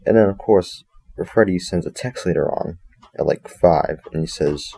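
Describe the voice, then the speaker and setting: A man's voice: low voice, moderate pace, vocal fry, dark tone, breathy edge. A man reviewing a story in a casual, rambling way, reading passages aloud and breaking off with joking asides and self-corrections.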